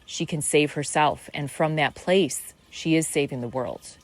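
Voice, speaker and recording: A woman's voice: low-pitched, a little slow. A middle-aged woman hosting a podcast, musing in a meandering spiritual monologue full of fillers and restarts. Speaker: podcast host.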